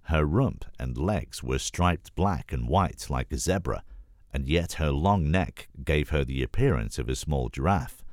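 A man reads a children's animal story aloud for an audiobook audition, telling it clearly and steadily. His voice is extremely deep. The recording is close to the mic and dry, with no room sound. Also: lively intonation, a little slow, no echo. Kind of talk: scripted storybook narration.

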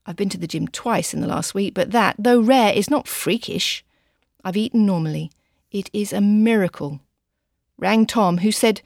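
Expressive woman reading audiobooks. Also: mid-range voice, no echo, clean studio sound. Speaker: audiobook reader. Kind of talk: audiobook narration.

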